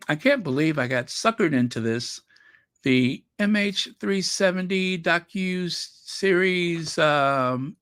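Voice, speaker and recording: Male host, bright voice, unhurried rambling commentary, reads out comments. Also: a little high, no room sound, studio quality. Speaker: channel host. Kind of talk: casual commentary reading comments.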